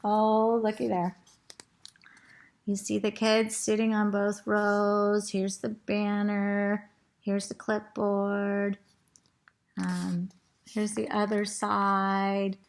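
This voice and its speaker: A woman with a throat tickle reading a storybook aloud to children, pausing to point at pictures and ask them questions. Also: mid-range voice, completely flat delivery, creaky.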